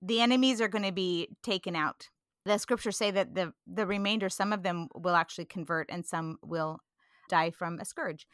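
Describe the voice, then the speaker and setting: A woman from California talking earnestly about scripture in a casual discussion, animated and quick to laugh. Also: fairly low pitch, clean tone, no room sound, clean studio sound.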